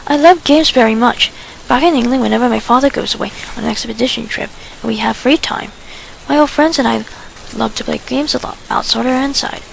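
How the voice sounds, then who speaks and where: A woman's voice: fairly high pitch, a little fast, gravelly, slight background noise, low-quality recording. A woman reading as a shy, stammering teen boy. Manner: hesitant, soft-spoken, stammering.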